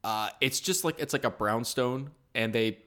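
A man's voice: medium pitch, moderate pace, bright, forceful tone. A man co-hosting a casual podcast, recapping a TV episode with profane jokes and frequent laughs. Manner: joking, profane, laughs often. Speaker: podcast co-host.

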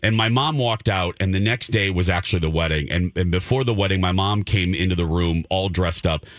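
A man hosting a radio talk show, speaking in an effusive, animated way with frequent stumbling restarts. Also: low voice, a little fast, dry recording, clean studio sound. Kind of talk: excited casual chat.

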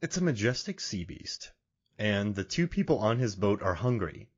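Animated male podcast host, lo-fi. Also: on the low side, moderate pace, husky. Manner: animated, laughing retelling. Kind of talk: casual comedic chat. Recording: dull lo-fi audio.

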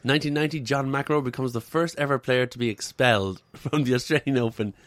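A man's voice: mid-range voice, fast talker, fairly bright tone, no room sound. A man co-hosting a casual podcast, reading out historical dates and joking, often swearing. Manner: jokey, swears a lot, acts out silly voices. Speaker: podcast co-host.

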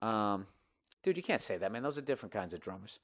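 Guy, comedy podcast host, foul-mouthed ranter, loud flare-ups and mumbled asides. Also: fairly low pitch, very animated, fast talker. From United States. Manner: profane, swings between loud outbursts and mumbled asides. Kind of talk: ranting comedy podcast, reading listener emails.

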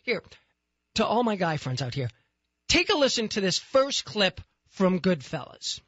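Animated male radio host, bright voice. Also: high voice, a little slow, dry recording, muffled recording. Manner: animated, exasperated storyteller. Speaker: radio talk show host. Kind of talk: casual talk radio storytelling. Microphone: studio microphone.

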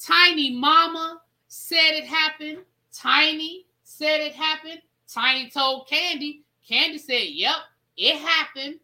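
A sassy woman host talks over a clip with a bright, forceful voice. She lays on the emphasis and stretches out the lines she repeats. Her pitch sits a little high. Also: steady tone, rough recording. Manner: sassy, emphatic, drawn-out repetitions. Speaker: show host. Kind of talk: casual commentary.

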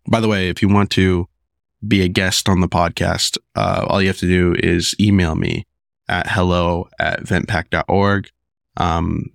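A deep-voiced man hosting his podcast while sick, his voice rough. He rambles casually with many ums and restarts. The sound is dry and close. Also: no echo. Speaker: podcast host. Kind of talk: casual solo podcast talk.

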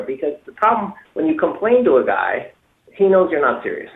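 A fairly high, gravelly male voice with big pitch swings moves a little fast. As a talk-show dating coach, he gives emphatic advice, repeats himself and acts out example phrases, heard through an echoey, tinny, phone-like recording.

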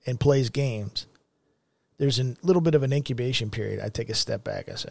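A man's voice: medium pitch, lively intonation, quick pace, gravelly, dry recording. A middle-aged man hosting a commentary show, ranting in a blunt, profane and heated way. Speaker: show host.

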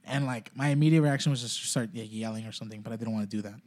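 Male guest, talks fast, rambling and profane, casual podcast chat. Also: on the low side, a little mellow. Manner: rambling, heavy swearing, many "like" fillers.

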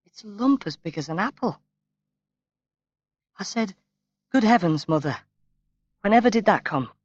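An anxious, tearful young woman tells her story in a hurry, as a male narrator puts her on. The voice is raised and softer than the reader's own. The sound is dull, lo-fi and dry. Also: high voice, lively intonation, moderate pace, no echo, pitched above the performer's own voice. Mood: upset.

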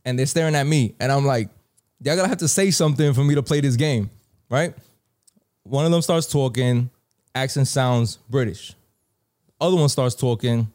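A man with a New York accent telling a casual story, slangy and animated, acting out the dialogue. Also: medium pitch, moderate pace, long pauses. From New York (Bronx).

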